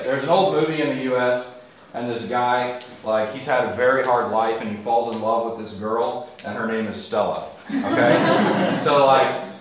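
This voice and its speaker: A man preaching a sermon, joking aside to his listeners and reading scripture slowly. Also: mid-range voice, a little hiss or hum. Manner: animated, jokey asides, reads scripture slowly. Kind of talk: sermon with audience participation. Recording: echoey hall, faint ambience.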